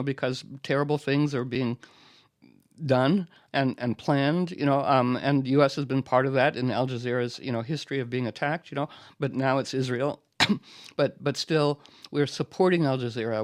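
A man's voice: medium pitch, dry recording. A man hosting a live radio pledge drive. He thanks callers by name in a rambling, effusive way, full of fillers and whimsical spiritual turns of phrase, speaking into a studio microphone. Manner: rambling and effusive, heavy on "you know" fillers. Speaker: radio host running a fund drive.

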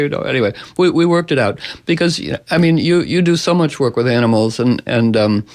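A man hosts a radio talk show in a relaxed, rambling way. He wanders through anecdotes, restarts often, and slips into playful little voices when he quotes his pets. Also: a little high, fast, hardly any pauses. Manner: rambling, animated storytelling with playful voices for animals. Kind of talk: casual radio interview chat.

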